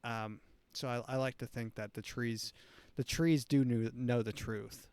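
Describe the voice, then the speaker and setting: A man's voice: mid-range voice, fairly even intonation, measured pace, darkish tone, a little hiss or hum. A man hosting a comedy show who comments on clips in a rambling, mocking way. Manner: rambling, mocking, with frequent restarts. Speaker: show host.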